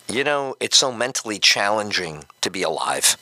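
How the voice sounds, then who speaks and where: A middle-aged man hosting live talk radio, loose and jokey, rambling from one thought to the next and poking fun at himself. His voice is very bright and cutting, swinging widely up and down. It sits close and dry on the mic. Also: lowish voice, very animated, normal speed, hardly any pauses, no echo. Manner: loud, joking, self-mocking, talks to studio crew. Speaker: radio talk show host.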